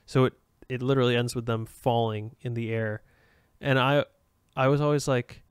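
A man's voice: mid-range voice, fairly even intonation, moderate pace, smooth, no echo, clean studio sound. A man hosting a solo podcast, rambling and self-aware, with frequent restarts and fillers. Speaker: podcast host.

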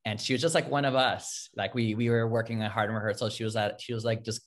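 A man's voice: fairly low pitch, steady tone, fast talker. A man from California who danced in the film, speaking earnestly and reflectively on a video call. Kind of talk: casual panel talk.

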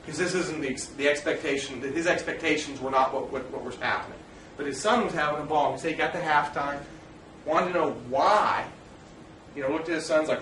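A man speaks earnestly to fathers in a roomy space, his slightly high voice carrying some echo. He talks plainly and directly, weaving in personal stories. He stands back from the mic, and a faint background hiss sits under him. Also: brisk, a bit bright, recorded from a distance. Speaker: parent speaker addressing fathers. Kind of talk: informal talk to an audience.

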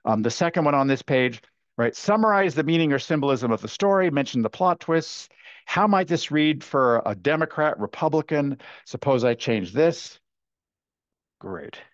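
A man giving an animated, chatty webinar lecture, full of fillers and restarts, as a workshop presenter. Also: a little high, normal speed, no echo. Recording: dull lo-fi webinar audio.

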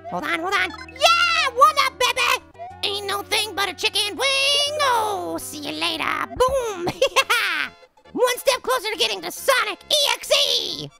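A man voicing a tiny, cocky boy apple in a cartoon gaming video, trash-talking in a squeaky, gravelly high voice with slangy rhymes. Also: full character voice. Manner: brash, jokey trash talk with slangy rhymes. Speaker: game-playing cartoon character. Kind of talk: let's-play commentary in character. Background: game music.

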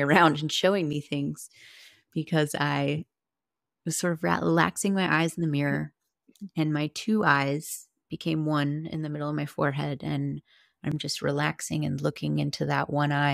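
A woman's voice: deep voice, gravelly, no echo, clean studio sound. A woman guest on a podcast, earnestly and candidly telling a personal story, with casual swearing.

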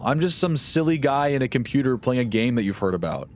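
A man's voice: mid-range voice, big pitch swings, quick pace, a little hiss or hum. A young man streaming a game live, chatting in a rambling, jokey, sarcastic way. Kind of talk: casual live-stream chat while gaming.

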